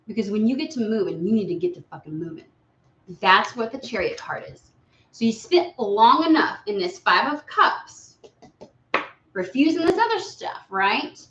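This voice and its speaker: A woman giving a casual live tarot reading, blunt and profane, lively and often slipping into quoted voices. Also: medium pitch, moderate pace. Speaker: tarot reader. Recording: echoey room, dull lo-fi sound.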